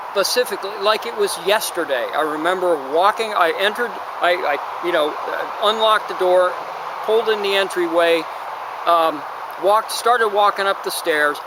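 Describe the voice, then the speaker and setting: A man's voice: high voice, noisy background. A man hosting a podcast in a casual, rambling monologue, digressing often and sounding exasperated. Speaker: podcast host.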